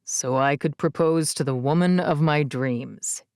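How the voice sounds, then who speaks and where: A woman voicing an earnest young man proposing, speaking low and softly in an audiobook. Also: a little slow, no room sound, clean studio sound. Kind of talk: audiobook character reading. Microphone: close studio mic, dry.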